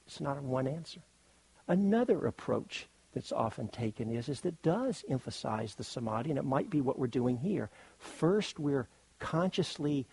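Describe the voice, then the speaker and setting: A man's voice: mid-range voice, creaky, dark tone, breathy edge, dry recording, poor audio. A man teaching at a meditation retreat, giving a thoughtful dharma talk and rephrasing his ideas as he goes.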